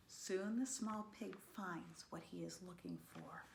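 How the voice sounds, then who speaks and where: A woman reading a children's picture book aloud, slow and expressive, sometimes dropping to a whisper. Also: on the low side, gravelly, echoey room, a little hiss or hum. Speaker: storyteller.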